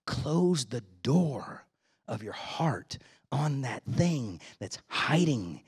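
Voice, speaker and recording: A preacher voicing God, softly pleading. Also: male voice, medium pitch, normal speed, gravelly, husky, pitched below the performer's own voice. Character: God gently warning a man, fatherly.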